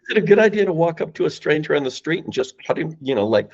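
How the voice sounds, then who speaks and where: A man's voice: a little high, very animated, quick pace, hardly any pauses, muffled recording. A man explaining sales calls on a podcast, emphatic and acting out phone lines. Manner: emphatic, acts out phone lines, rising and falling voice. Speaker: guest, sales company founder.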